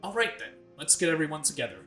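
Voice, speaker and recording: A man's voice: on the high side, big pitch swings, fast, sharp tone, faint music behind. A man hosting a let's play, reading game dialogue aloud in a plain voice and stopping now and then to comment.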